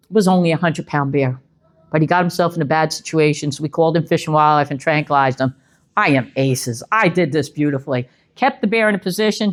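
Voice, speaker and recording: A middle-aged woman, an animal control officer giving a humorous wildlife talk and acting out the animals in little voices. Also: on the low side. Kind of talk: lively public presentation.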